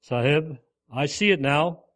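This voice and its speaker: A man's voice: fairly high pitch, measured pace, fairly bright tone. A man voicing an old pearl diver in a sermon story, speaking earnestly and pleadingly. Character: old male pearl diver, grave and devoted.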